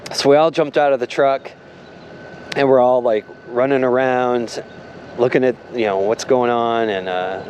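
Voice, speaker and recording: A man casually telling a story from his own life, halting and rambling, with many fillers. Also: lowish voice, darkish tone, a little hiss or hum. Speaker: vlogger telling a personal story.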